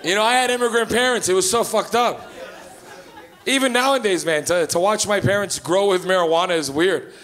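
A man in his thirties from Canada doing stand-up in a comedy club, loud and profane, acting out stories. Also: high-pitched, brisk, some chatter behind. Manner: loud, profane, storytelling with acted-out voices. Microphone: handheld stage mic.

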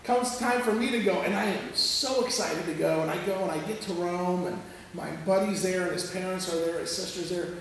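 A man preaching a sermon as a pastor, telling a story in an animated, conversational way and checking in with listeners as he goes. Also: high-pitched, fairly quick, creaky, slight background noise. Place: church sanctuary. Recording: echoey church hall from far off.

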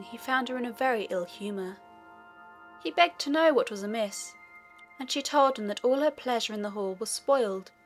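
A woman reads a fairy tale aloud in a steady, measured way. Her voice sits fairly high, and soft music plays quietly beneath the narration. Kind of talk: storybook audiobook narration. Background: faint music.

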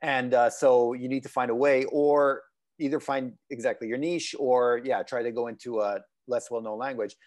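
Host, male, from Italian-speaking Switzerland, mid-pitched voice, loose questions that he keeps rewording. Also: steady tone, normal speed, a little mellow. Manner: rambling, rephrasing questions as he goes. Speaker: interviewer host. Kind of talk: conversational interview.

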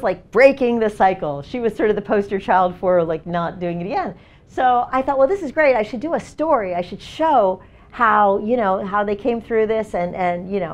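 A middle-aged woman telling stories in a casual, chatty way at a seminar talk. Her voice sits a bit high for a woman, and she jumps into lively acted-out quotes, with lots of "like" and "you know" along the way. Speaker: documentary photographer giving a seminar talk. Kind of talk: casual storytelling presentation. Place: seminar event space.

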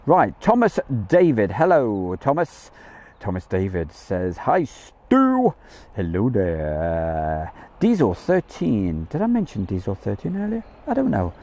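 A man's voice: medium pitch, very animated, normal speed, warm tone. A man hosting a live stream outdoors from a campsite field, chatting in a jokey way and greeting viewers by name. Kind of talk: casual live-stream chat.

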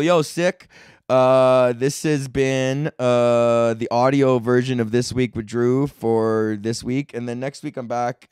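A man's voice: mid-range voice, darkish tone, clear, resonant tone, no echo. A young Canadian man rants loosely through his solo comedy podcast, loose and profane, sprinkling "man" and "bro" through every sentence. His voice sits in a middle range. The sound is close and dry, with no room around it. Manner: laid-back, profane, slangy, rambling with frequent "man" and "bro". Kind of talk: casual solo rant.

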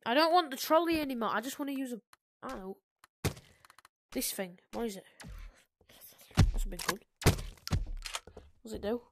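Woman, young adult, higher voice, excitable VR commentary, mutters and shrieks, noisy recording. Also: normal speed, long pauses. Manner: chatty, jumps between muttering and shrieking. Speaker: gaming video creator.

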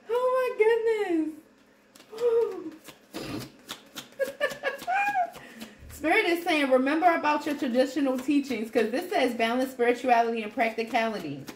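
A woman's voice: a little high, a little hiss or hum. Laughing woman reading tarot, echoey room. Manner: laughing, exclaiming, talks to viewers as y'all. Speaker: tarot reader. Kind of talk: casual tarot reading to camera.

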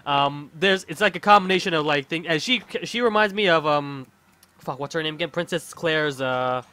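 A man's voice: on the high side, moderate pace, pushed and bright. A man hosting a let's-play, reading and voicing a game with rambling asides, swearing and laughing between lines. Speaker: gaming channel host.

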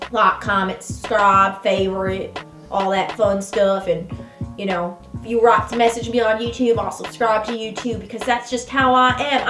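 Brash Southern US woman vlogger played by an actress, sassy and touchy, high voice, comedy sketch. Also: reverberant, natural voice. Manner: sassy and indignant, high-pitched outbursts. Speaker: vlogger answering comments.

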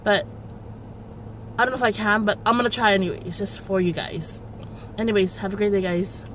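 A woman's voice: mid-range voice, fairly quick, long pauses, a bit bright, a little hiss or hum. A woman in a casual home vlog, chatting straight to her viewers through a handheld camera. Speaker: vlogger.

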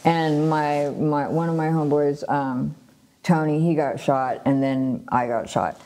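Low, mellow-voiced woman telling her story. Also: measured pace. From Los Angeles, USA. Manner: animated, laughs often, many fillers and restarts. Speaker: guest sharing her testimony. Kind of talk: casual personal storytelling.

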